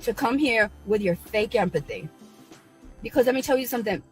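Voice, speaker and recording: A woman's voice: on the high side, lively intonation, brisk, faint music behind. A woman on her own live stream, ranting at critics in a combative, preachy way and repeating herself.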